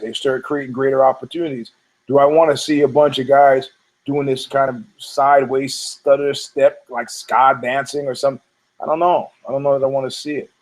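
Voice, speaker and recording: A man's voice: mid-range voice, rough recording. A man hosting a casual sports podcast who rambles, stammers over his words, repeats himself and swears freely. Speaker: podcast host.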